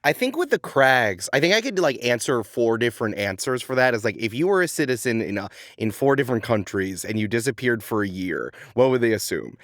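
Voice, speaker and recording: A man's voice: mid-range voice, sing-song, a little fast, few pauses, fairly bright tone, dry recording, clean studio sound. A man who runs the game, chatting casually on a podcast in a playful, teasing way. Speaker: game master.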